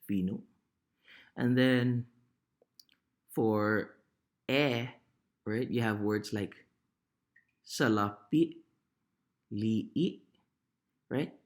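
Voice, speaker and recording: A man, teaching vowel sounds in a casual, unhurried way and often asking "right?". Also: mid-range voice. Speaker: language teacher. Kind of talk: casual pronunciation lesson.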